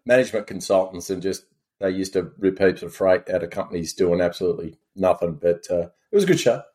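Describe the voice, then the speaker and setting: A man's voice: quick pace, a little mellow. A man on a movie podcast, blunt and swearing. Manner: blunt, swears, sweeping pitch. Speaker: podcast co-host. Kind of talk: casual film review chat.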